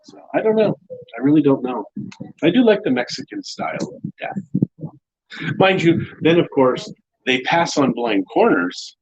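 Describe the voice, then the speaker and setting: A man's voice: a little high, lively intonation, normal speed, husky, lo-fi sound. A middle-aged man co-hosting a casual chat show, telling stories in a joking, teasing way. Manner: joking storyteller. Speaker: co-host.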